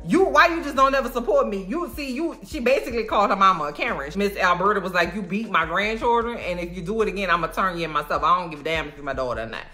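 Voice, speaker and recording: A woman giving a comedic, profane movie recap, animated and acting out the characters. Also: mid-range voice, quick pace, hardly any pauses, soft background music. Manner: animated and profane, acts out characters, frequent laughter. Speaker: movie reaction vlogger.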